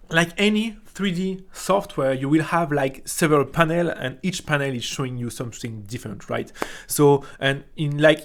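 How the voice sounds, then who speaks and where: A man from France with a French accent, a 3D software teacher giving a casual, jokey tutorial that keeps checking in with "right?". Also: a little high. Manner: chatty, jokey, ends phrases with "right?". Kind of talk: casual screen-recorded tutorial.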